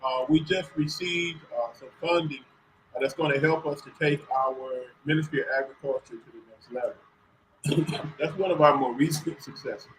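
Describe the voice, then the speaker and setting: A man being interviewed as a community organizer, talking in an earnest, measured way. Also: fairly high pitch, a little hiss or hum, rough recording. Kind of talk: radio interview answer.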